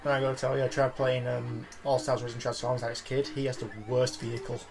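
A man's voice: medium pitch, little pitch movement, quick pace, over music. A man chatting casually about games, rambling with restarts. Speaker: let's play co-host. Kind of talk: casual gaming chat.

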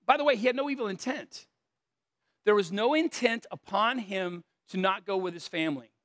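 A man's voice: sits high, moderate pace, a bit bright, no echo, studio quality. A middle-aged man preaching a conversational sermon, earnest but breaking into joking asides and self-deprecating stories. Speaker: pastor.

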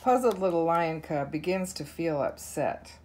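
A woman reading a children's counting book aloud, counting softly and slowly. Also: on the low side, expressive. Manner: slow, soft counting. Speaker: narrator.

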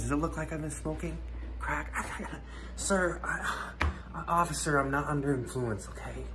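A man's voice: mid-range voice, background noise. Mumbling, half-whispering young man outdoors. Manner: mumbling, trailing off into near-whispers, self-mocking. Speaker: comedy video creator. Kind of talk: rambling comic monologue. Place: outdoors on a hike.

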